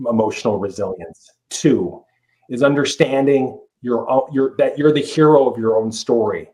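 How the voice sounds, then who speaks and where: A man's voice: mid-range voice, moderate pace, dark tone, low-quality recording. A middle-aged man, a life coach guest on a podcast, talking earnestly and emphatically with frequent restarts. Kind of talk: podcast interview.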